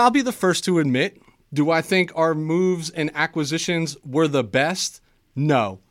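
A man's voice: on the high side, a bit bright. A man delivering a fired-up, boastful football fan rant as a co-host on a sports talk show.

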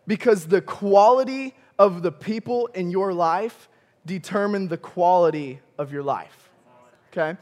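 A young male campus pastor from Michigan, preaching a sermon with animated storytelling, often chuckling and calling out to the congregation. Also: high voice, moderate pace. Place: church auditorium.

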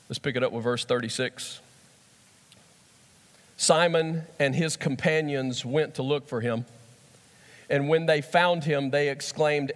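A man preaching a sermon in an animated way, repeating phrases and swinging between soft and loud. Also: medium pitch, a little slow. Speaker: pastor. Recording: long hall reverb.

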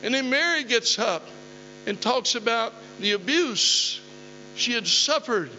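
A man's voice: very high voice, animated, unhurried, bright, forceful tone. An older man preaching a sermon, telling folksy stories and rising to emphatic calls. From southeastern Oklahoma. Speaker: pastor. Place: church hall. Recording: dull recording in a long-reverb hall, faint hum.

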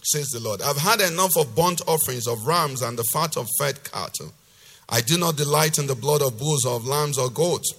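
A male pastor preaching a sermon, reading scripture loudly with force and then explaining it in a lower, conversational voice. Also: moderate pace. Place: church hall. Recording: long reverb of a church hall.

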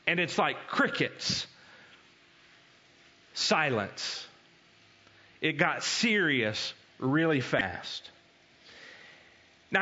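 A male pastor gives a conversational sermon in an animated, storytelling way. His voice is fairly high and bright. The recording sounds dull and lo-fi.

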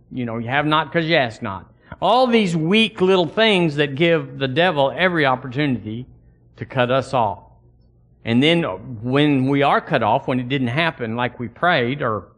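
A man's voice: medium pitch, a bit bright. A man preaching a sermon in a folksy, emphatic way, speaking straight to his congregation and asking them to repeat after him.

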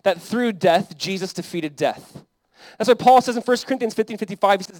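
Young guy pastor preaching, kinda high voice, earnest and chatty, dry close sound. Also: brisk, a little mellow, no echo. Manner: earnest, conversational preaching with rising emphasis. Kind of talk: sermon.

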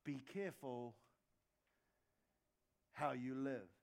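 This male pastor delivers his sermon conversationally, tossing in quick asides and jokes and repeating words for emphasis. He speaks at medium pitch with vocal fry.

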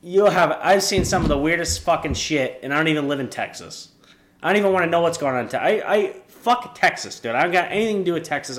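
A man's voice: a little high, fairly bright tone. A young man from New Hampshire co-hosting a podcast, cursing constantly and tripping over repeated restarts in casual chat. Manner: profane, rambling, stammering restarts. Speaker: podcast co-host.

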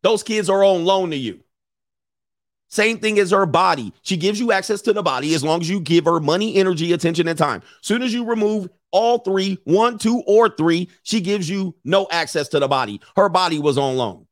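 A man's voice: sits high, moderate pace, no echo. Blunt, lecturing man, dry close sound. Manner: blunt, lecturing, repeats phrases for emphasis. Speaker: commentator host. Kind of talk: opinionated commentary.

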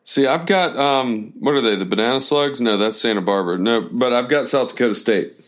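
A man's voice: mid-range voice, brisk, a bit bright. A man on a sports chat panel who makes short, dry remarks.

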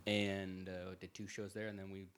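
Rambling middle-aged comedian telling stories. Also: male voice, low voice, completely flat delivery, moderate pace, fairly bright tone, clean tone. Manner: rambling storyteller with frequent restarts. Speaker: stand-up comedian. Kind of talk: casual chat.

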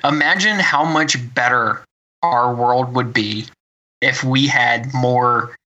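A man with a very bright voice chats casually on a podcast. He rambles, trailing off and restarting his thoughts as he goes. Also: medium pitch, slow pace, muffled recording. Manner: rambling, full of fillers and restarts. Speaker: podcast co-host. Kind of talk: casual chat.

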